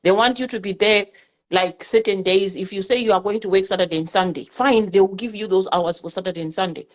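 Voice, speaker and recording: A woman's voice: medium pitch, fairly quick. A woman in a casual talk-show discussion, earnestly giving advice and often repeating her words. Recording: muffled lo-fi audio.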